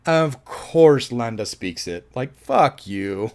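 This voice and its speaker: A man's voice: medium pitch, expressive, takes it slowly. A man reviewing a film in a casual monologue. He is enthusiastic, laughs often and swears freely.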